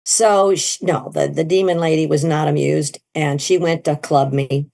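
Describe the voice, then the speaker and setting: A middle-aged woman telling her story in an interview, animated and leaping into high quoted voices. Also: normal speed, gravelly. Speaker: guest, near-death experiencer.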